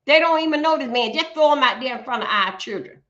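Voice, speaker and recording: A woman's voice: sits high, animated, fast talker, fairly bright tone, lo-fi sound. Blunt, fired-up woman ranting on a livestream. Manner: emphatic, blunt and profane, with stumbling repeats. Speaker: livestream host. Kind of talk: ranting commentary.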